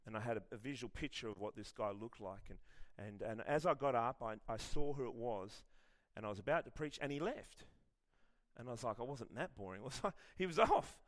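A middle-aged Australian man preaching a sermon in a lively, conversational way, telling personal stories with self-deprecating humour. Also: mid-range voice, a little fast. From Western Australia. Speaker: pastor.

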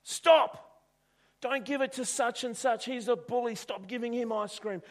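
A man voicing a jealous young boy in a told story, shouting and tattling on the other kids. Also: very high voice, normal speed, creaky, voice pushed up.

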